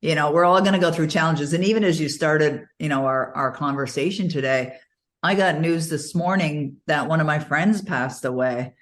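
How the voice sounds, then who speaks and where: Middle-aged woman, interview guest, low voice, animated storyteller who laughs often. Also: moderate pace. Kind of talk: casual interview conversation.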